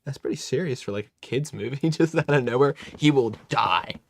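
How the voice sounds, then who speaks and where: A man's voice: mid-range voice, quick pace, creaky, slightly rough, no echo. A man hosting a live watch-along, giving casual, joking commentary with chuckling asides.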